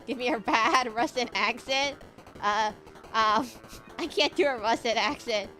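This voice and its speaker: A woman's voice: fairly high pitch, unhurried, sharp tone, faint music behind. A woman streaming a game, chatting casually with her viewers in a giggly, rambling way. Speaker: VTuber streamer. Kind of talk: casual livestream chat while gaming.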